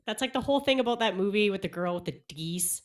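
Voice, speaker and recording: A woman co-hosting a casual show review, enthusiastic and quick to laugh, often acting out lines of dialogue. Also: medium pitch, expressive. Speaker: podcast co-host.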